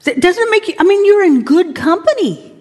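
A woman preaching a lively sermon, acting out inner voices and now and then shouting commands. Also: very high voice, normal speed. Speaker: pastor. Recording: reverberant hall.

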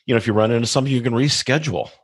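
A man's voice: mid-range voice, very fast, slightly rough, no echo, clean studio sound. A man hosting a podcast, chatting casually and laughing often. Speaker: podcast host.

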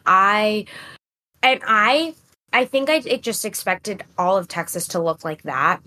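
A woman co-hosting a relaxed podcast, chatting eagerly and rambling with plenty of "like" between thoughts. Her voice sits at an ordinary middle pitch for a woman. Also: unhurried. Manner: chatty and enthusiastic, lots of "like". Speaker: podcast co-host. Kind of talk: casual chat.

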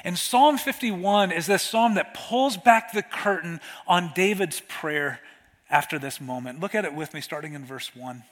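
A man preaching a sermon in a conversational way, slowing down when he reads scripture aloud. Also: sits high, fairly bright tone, big-room sound. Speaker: pastor.

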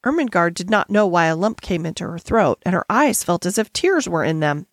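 A woman narrating a classic novel as an audiobook reader, with measured, expressive storytelling. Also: fairly low pitch, dry recording, studio quality. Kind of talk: reading a classic novel aloud.

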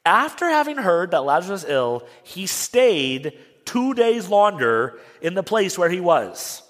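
A man preaching a sermon as a pastor, telling the story with animated rhetorical questions. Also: high-pitched, measured pace, in a large hall. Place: church sanctuary.

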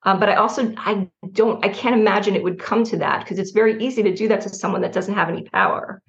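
A middle-aged woman from New Jersey speaks candidly as an interview guest, with a gravelly, fry-edged voice. She is animated, laughs between thoughts and restarts her sentences. The sound is slightly dull and muffled. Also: medium pitch, fast talker. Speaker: writer guest.

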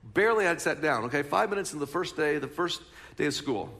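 High, bright-voiced pastor preaching. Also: male voice, quick pace. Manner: animated storytelling, talks to the congregation. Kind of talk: sermon.

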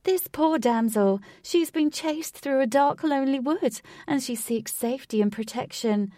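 A woman's voice: high voice, a little slow, dark tone, dry recording, clean studio sound, voice pushed up. A woman voicing an eccentric, flamboyant male showman who announces theatrically to a crowd.

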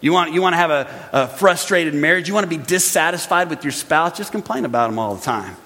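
A man preaching a sermon as pastor, animated, acting out grumbling voices for laughs. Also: fairly high pitch, fast. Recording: long hall reverb.

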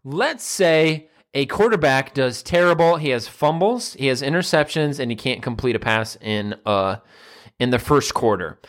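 A man's voice: medium pitch, expressive, moderate pace. A man, a nutrition coach and personal trainer, giving a casual motivational monologue and acting out the voices he quotes.

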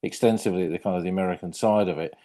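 A man's voice: low voice, very fast, warm tone. A man hosting a history podcast interview, speaking thoughtfully and often repeating words as he works through an idea. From Britain. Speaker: podcast host.

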